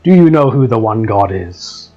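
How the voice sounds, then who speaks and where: A man voicing a stern, zealous male orc prison warden who speaks in a slow, solemn, menacing way. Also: on the low side, animated, warm tone, highs cut off, soft background music.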